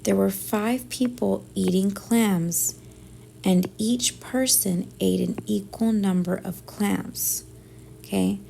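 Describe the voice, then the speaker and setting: A woman teacher working through division word problems step by step, thinking aloud and often dropping to a soft near-whisper. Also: medium pitch, slow, vocal fry, slight background noise. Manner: thinks aloud step by step, often softly under her breath. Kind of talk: math lesson walkthrough.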